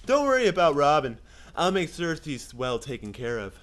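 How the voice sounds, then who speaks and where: Man reading script lines casually, slightly high, animated delivery. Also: normal speed. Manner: reads lines plainly, chatty asides. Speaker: script reader. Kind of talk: casual script read-through.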